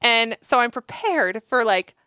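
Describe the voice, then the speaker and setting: A woman co-hosting a podcast from Iowa, telling a story in a lively casual way, acting out what people said and laughing often. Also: a little high, measured pace, clear, resonant tone, dry recording, studio quality. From Iowa, USA. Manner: animated storyteller, acts out quotes, laughs often. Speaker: podcast co-host.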